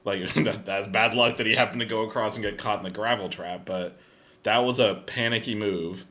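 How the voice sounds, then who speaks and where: A man's voice: on the low side, fairly even intonation, normal speed, sharp tone. A man co-hosting a motorsport podcast, talking in an opinionated, jokey way and laughing often. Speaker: podcast co-host. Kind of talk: casual sports chat.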